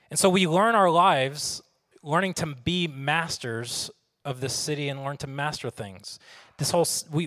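A man preaches in a relaxed, conversational way, tossing questions to the congregation. His voice sits a little high for a man. It rings with a long hall reverb, as in a church sanctuary. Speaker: pastor. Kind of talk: sermon.

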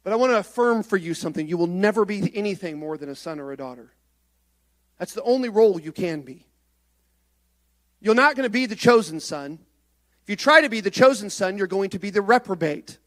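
Man, pastor, very high voice, impassioned sermon, soft then loud. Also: expressive, fairly quick. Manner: preaching with swings from soft, low passages to loud high-pitched exhortation.

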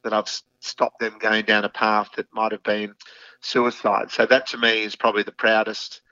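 A man's voice: on the low side, flat delivery, normal speed, pushed and bright, dry recording. A middle-aged man with an Australian accent, speaking frankly as an interview guest, with many fillers and restarts. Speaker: guest, foundation founder. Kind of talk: candid interview talk. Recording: slightly dull lo-fi audio.

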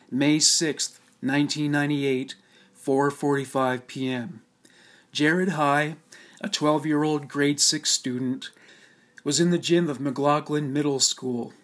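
A man narrates a scripted documentary with a steady, measured delivery. His tone stays solemn and even, in a mid-range voice. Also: medium pitch.

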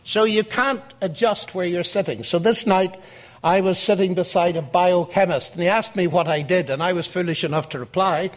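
Guy with a highish voice doing a public talk, chatty storyteller vibe. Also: normal speed. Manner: anecdotal, lively, acts out dialogue in the story. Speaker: lecturer.

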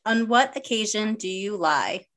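A middle-aged woman co-hosting a casual podcast chat, an animated storyteller who swears freely and acts out quotes. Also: medium pitch, measured pace. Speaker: podcast co-host.

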